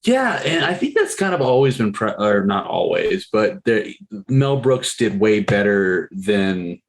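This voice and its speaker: A man's voice: fairly low pitch, unhurried. A man co-hosting a movie podcast, chatting casually with lots of fillers and restarts. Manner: rambling, filler-heavy, animated. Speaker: podcast co-host. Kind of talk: casual chat about movies.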